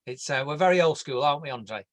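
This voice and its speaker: An English man walks viewers through a landscape design in an online presentation. His voice sits somewhat high for a man. He keeps it casual and jokey, and now and then trips over a word. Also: lively intonation, fast. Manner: jokey, conversational, stumbles over words.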